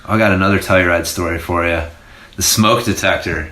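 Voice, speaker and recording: A man in his forties telling stories in casual podcast chat, animated and laughing, with free swearing. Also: low-pitched, brisk, reverberant. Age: 40s. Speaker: podcast host.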